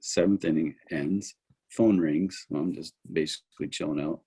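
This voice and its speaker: Low husky man telling stories. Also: moderate pace. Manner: animated storyteller who acts out his own remembered thoughts. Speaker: former relief pitcher, interview guest. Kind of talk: casual anecdotal storytelling.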